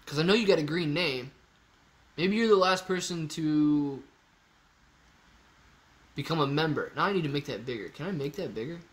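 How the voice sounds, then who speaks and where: This man hosts a casual Q&A over livestream, reading viewer comments, getting excited, thinking aloud and repeating himself. His voice is a little high, his pace normal, and he pauses often.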